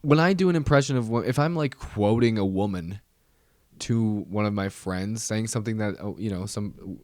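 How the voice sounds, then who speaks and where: A man's voice: on the low side, moderate pace, darkish tone, no room sound, clean studio sound. A man hosting a casual solo podcast, rambling, with many restarts and trailing fillers. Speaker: podcast host.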